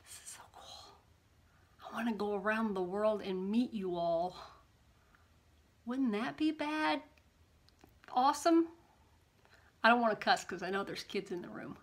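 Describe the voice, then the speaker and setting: A woman's voice: medium pitch, measured pace, pauses often. A woman vlogger, reading viewer comments aloud in a bubbly, gushing way and chatting casually to camera. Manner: bubbly and gushing, gasps and coos.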